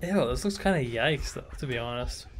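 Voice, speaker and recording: A man giving let's play commentary on a shooter game, frustrated and swearing, shouting at enemies. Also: medium pitch, expressive, moderate pace, a little hiss or hum. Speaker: gaming YouTuber.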